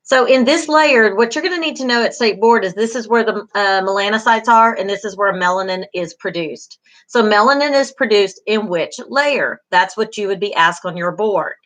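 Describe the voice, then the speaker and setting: A woman's voice: medium pitch, moderate pace, fairly bright tone. A middle-aged woman, a beauty school instructor giving an online class lecture, encouraging, with many fillers, repeating key terms.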